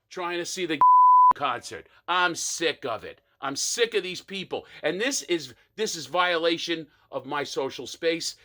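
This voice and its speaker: A man performing an exasperated comic rant monologue, mocking people with quick impressions. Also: on the high side, pushed and bright.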